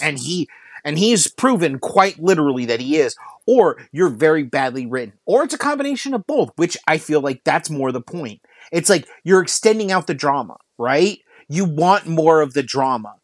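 A man's voice: on the high side, very animated, normal speed, dry recording. A man co-hosting a podcast in casual chat, ranting and swearing, peppering his speech with "like". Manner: ranting, frequent swearing and filler "like". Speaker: podcast co-host.

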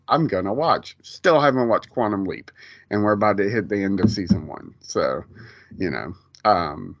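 A man co-hosting a pop culture podcast in a loose, rambling way, full of "like" and "um". His voice sits fairly low. The recording is dry and a bit dull, with a lo-fi edge. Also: a bit bright, dry recording. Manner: rambling, many fillers and restarts. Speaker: podcast co-host. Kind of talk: casual pop culture chat.

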